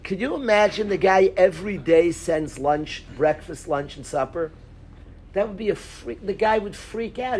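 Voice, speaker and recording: Rabbi leading a Talmud class, high and animated, quizzing students, faint room hum in the background. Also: male voice, moderate pace. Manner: animated, quizzes students by name, mixes in Hebrew and Yiddish terms. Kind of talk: lively Talmud lesson. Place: synagogue classroom.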